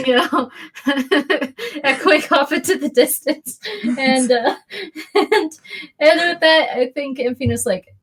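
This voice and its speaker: A woman playing a tabletop game, excitable and giggly, often stumbling over her words. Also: sits high, takes it slowly. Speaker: player.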